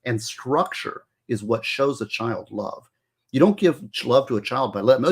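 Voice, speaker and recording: A man's voice: medium pitch, expressive, normal speed, breathy edge. A middle-aged man, a former prosecutor, giving earnest advice in casual talk, lecturing with many restarts. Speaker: former juvenile prosecutor, guest.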